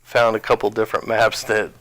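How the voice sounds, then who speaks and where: A man's voice: lowish voice, completely flat delivery, fairly quick, a bit bright, no echo. A man from New Jersey with a slight twang, giving rambling, casual commentary over his own gameplay on a headset. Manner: rambling, many restarts and fillers. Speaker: gaming channel host.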